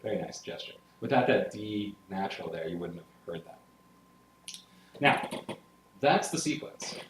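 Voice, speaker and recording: The deep-voiced man here delivers a music theory lecture at normal speed, and a bit of hiss or hum can be heard. Piano plays clearly in the background of the echoey room. He walks through passages one step at a time with solfege, enthusiastically checking in with listeners and full of energy for the music.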